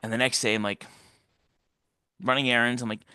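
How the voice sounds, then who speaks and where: Male interview guest with a bright, forceful voice on a dry close mic; rambles through his story and acts out the voices he quotes. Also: medium pitch, flat delivery, brisk, smooth, no echo. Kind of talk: casual personal storytelling.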